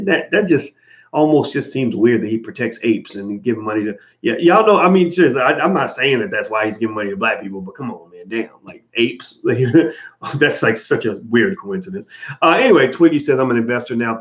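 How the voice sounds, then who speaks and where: A man's voice: medium pitch, muffled recording. Casual chatty man hosting a live stream. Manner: casual, chatty, greets viewers by name. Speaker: host.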